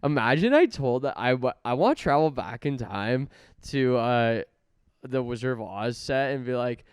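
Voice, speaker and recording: A man's voice: medium pitch, expressive, normal speed, darkish tone, clean tone, no echo, clean studio sound. A man hosting a solo podcast, rambling through jokes and self-mocking asides. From Canada. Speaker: podcast host.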